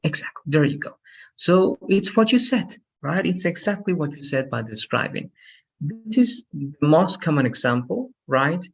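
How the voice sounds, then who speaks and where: A man teaching an English lesson, encouraging and patient, slowing down to model how words are stressed. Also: a little high, expressive, gravelly, slightly rough. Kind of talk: online language lesson. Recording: dull lo-fi sound.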